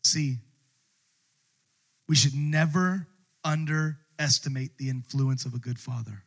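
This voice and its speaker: A pastor preaching a sermon in a church service, retelling a story with lively acted voices. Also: male voice, medium pitch, a little slow.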